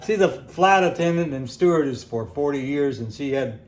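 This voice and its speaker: A man's voice: on the high side, expressive, normal speed. A man, a member of an online group, chatting casually and telling jokes about other members. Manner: chatty, joking storyteller. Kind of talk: casual chat on a video call. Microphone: video call. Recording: roomy call audio with faint hiss.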